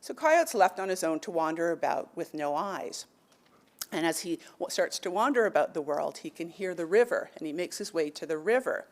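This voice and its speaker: Woman, lower voice, panel speaker, storyteller, thoughtful with ums and uhs. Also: moderate pace. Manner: animated storyteller, then thoughtful with many fillers. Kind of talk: oral storytelling and panel talk.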